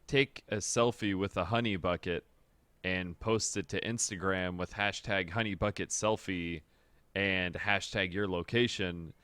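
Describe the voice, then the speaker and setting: A man's voice: deep voice, steady tone, unhurried, fairly bright tone, smooth, no echo. A man co-hosting a podcast, talking offhand and profane, laughing often. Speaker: podcast co-host. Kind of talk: casual chat.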